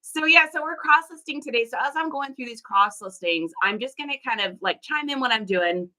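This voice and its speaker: A woman's voice: fairly high pitch, lively intonation, brisk, pushed and bright. A woman hosting a casual livestream as a reseller, chatty and laughing often as she greets viewers by name. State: allergies, puffy eyes.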